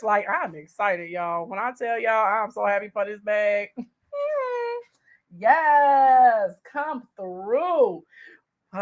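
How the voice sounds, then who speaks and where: Chatty, excitable woman host. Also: fairly high pitch, measured pace. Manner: chatty, excitable, speaks straight to viewers. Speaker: livestream host. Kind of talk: casual livestream chat.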